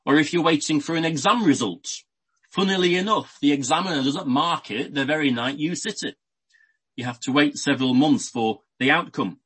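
A man's voice: fairly high pitch, normal speed, fairly bright tone, slightly rough, low-quality recording. A man preaching a sermon, explaining a Bible passage in an unscripted way with everyday examples and frequent restarts.

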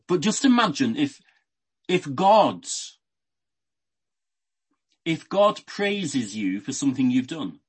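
Male preacher, husky tone, mid pitch, talking through scripture with everyday examples. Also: big pitch swings, normal speed, long pauses, rough recording. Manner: unscripted Bible exposition with everyday examples, frequent restarts. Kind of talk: sermon.

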